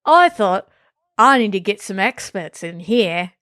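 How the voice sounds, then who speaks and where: A woman's voice: mid-range voice, animated, measured pace, a bit bright, dry recording, studio quality. Woman putting on an Australian old police inspector. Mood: earnest. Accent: Australian, put on. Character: retired male police inspector with Australian accent.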